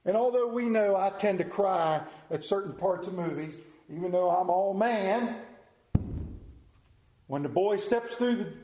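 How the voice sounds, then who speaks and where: This sermon comes from a middle-aged man with a rural Southern American accent, high-pitched and a little slow, in reverberant surroundings. He spins stories in a folksy, animated manner with sudden quiet drops.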